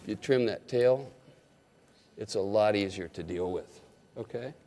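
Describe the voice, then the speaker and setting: A man with a lowish, dark-toned voice takes his time as he shows an audience how to tie surgical knots. He's a surgeon coaching step by step with folksy jokes and frequent "okay?" check-ins, recorded with long reverb in a lecture hall.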